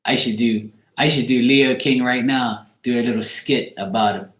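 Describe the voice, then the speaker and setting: A man's voice: medium pitch, steady tone, normal speed, a bit bright. Male channel host, loose rambling banter with a joking, cussing edge, in a roomy echo. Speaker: card reader and channel host. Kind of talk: casual livestream chat.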